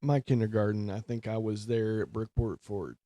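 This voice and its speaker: A man's voice: fairly low pitch, steady tone, normal speed, dark tone, no room sound, muffled recording. A man in casual chat who laughs easily and chimes in with short, wry replies. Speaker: podcast co-host.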